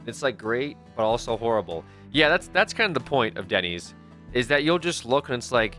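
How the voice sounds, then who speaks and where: A man's voice: mid-range voice, animated, fairly quick, fairly bright tone, soft background music. A man livestreaming a game, talking loosely and jokingly to his chat, swearing and calling them dude. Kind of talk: casual gameplay stream chat.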